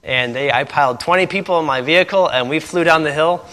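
Laughing preacher in an echoing hall. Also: male voice, a little high, fast, a bit bright, a little hiss or hum. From Indiana. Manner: laughing often at his own stories. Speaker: missionary pastor. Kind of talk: sermon storytelling. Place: church. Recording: long reverb of a church hall.

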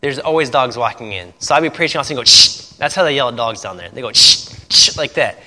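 A fast-talking Indiana missionary pastor, his mid-range voice a bit bright and lively in intonation, tells stories during a sermon and often laughs at them. He is in a church, and the hall adds a long reverb.

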